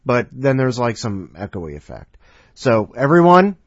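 A man's voice: medium pitch, very animated, a little slow, no echo. A man hosts a casual podcast, rambling and joking at his own expense between contributions. His voice sits mid-range, dry and close, with a slightly dull tone. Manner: rambling, playful, self-mocking. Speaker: podcast host. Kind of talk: casual show hosting. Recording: dry, slightly muffled home recording.

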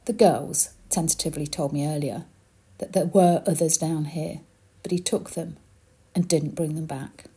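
A woman from England reads a short story aloud, steady and matter-of-fact. Her voice is very husky and dark, sitting a little low. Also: normal speed.

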